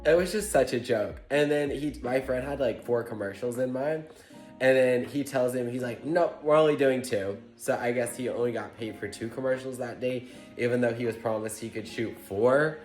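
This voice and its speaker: A man from Tennessee telling a storytime vlog in a chatty, animated way, with lots of "like". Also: mid-range voice, normal speed. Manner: chatty, animated, heavy use of "like". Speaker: vlogger. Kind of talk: casual storytime chat. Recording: roomy echo with faint music.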